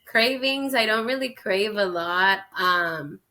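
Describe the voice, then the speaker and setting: A woman's voice: medium pitch, animated, slow pace, pushed and bright. A woman in her thirties co-hosting a podcast, chatting candidly and telling personal stories. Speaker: podcast co-host. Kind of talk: casual chat.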